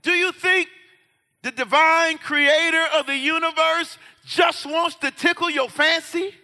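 High bright-voiced preacher in a reverberant hall. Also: male voice, steady tone, measured pace. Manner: preaching, swings between quiet asides and shouts, acts out Bible voices. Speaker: pastor. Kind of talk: sermon.

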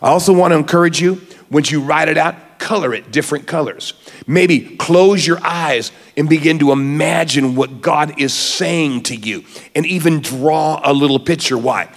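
A man preaching a sermon as pastor of his church, moving from quiet teaching to fervent, rising exhortation. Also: fairly high pitch, moderate pace, long reverb tail.

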